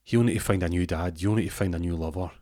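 A man's voice: low voice, fast talker, darkish tone, dry recording, clean studio sound, natural voice. A man voicing a deluded stoner man who believes he is Santa, talking in a rambling, grandiose way.

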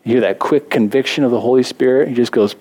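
A man's voice: medium pitch, quick pace. Casual, joking male pastor. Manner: conversational, self-deprecating humor, animated asides. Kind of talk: sermon.

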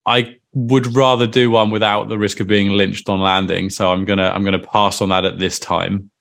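A man's voice: fairly low pitch, flat delivery, moderate pace, gravelly, a bit bright. A man co-hosting a football podcast, joking and rambling in casual chat with friends. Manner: jokey, rambling, self-deprecating banter. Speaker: podcast co-host.

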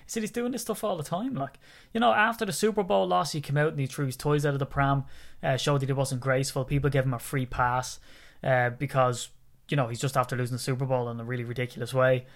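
A man co-hosting a casual podcast chat, telling stories with jokes and laughs in an animated way. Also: mid-range voice, fast, vocal fry. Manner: joking, animated storytelling with laughs. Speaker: podcast co-host.

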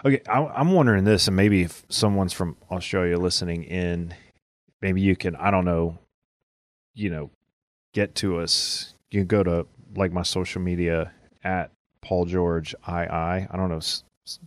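A man with a very low voice chats casually on a podcast, wandering through his thoughts with plenty of filler words. The sound is dry and close to the mic. He talks as a co-host and husband and father. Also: fairly even intonation, normal speed, no room sound. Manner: rambling, lots of "like" fillers. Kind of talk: casual chat.

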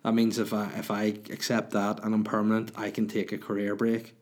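Chatting casually on his own podcast, a comedian responds to listener questions. His fairly low voice is delivered completely flat and at a fairly quick clip.

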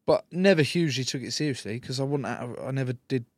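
A man's voice: medium pitch, lively intonation, quick pace, no echo. An English man with a mid-range voice talks as an interview guest, loose and joking, dropping the odd swear word. The sound is dry and close, with no room ring at all. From England. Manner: laid-back, swearing, joking storyteller. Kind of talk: casual interview chat.

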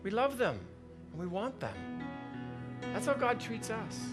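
A man's voice: high-pitched, sing-song, a little slow, music in the background. A man preaching a chatty sermon, joking and acting out the voices in his head. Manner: folksy, joking, acts out inner voices. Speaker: pastor. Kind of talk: conversational sermon.

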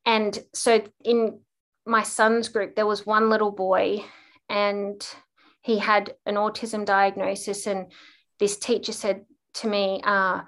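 A woman with a medium-pitched voice speaks slowly as a guest on a parenting podcast. She tells a personal story in a relaxed, lively way, acting out the quotes as she goes.

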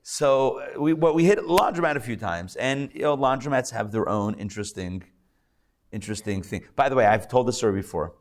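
Brisk and expressive, a male rabbi with a mid-range voice teaches a class in front of an audience. He's conversational, cracking jokes on the side and frequently using fillers and restarts.

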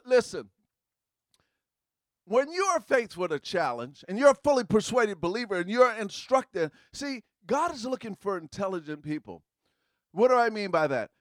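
Male pastor, high voice, dry close sound, fervent call-and-response preaching. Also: no echo. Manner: call-and-response preaching, swings from hushed to shouting. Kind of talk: sermon.

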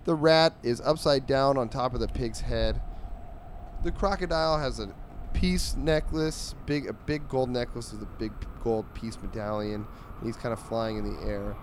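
A man hosting a podcast, reading comic strips aloud in a sarcastic, animated way and jumping his pitch when he quotes the characters. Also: moderate pace, slight background noise. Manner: sarcastic, animated, voices quoted lines with big pitch jumps. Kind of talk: casual comedic monologue.

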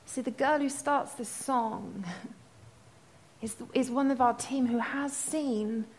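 Woman preacher, high voice, impassioned storytelling sermon, breaks into song. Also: steady tone, slow. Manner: passionate storytelling, sings snatches of worship songs; builds to loud, impassioned proclaiming.

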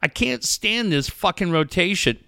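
Sex: male. Style: bright, excitable talk-show host. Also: high voice, moderate pace, vocal fry, clean tone, no echo, clean studio sound. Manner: swears freely, excitable exclamations. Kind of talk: casual chat.

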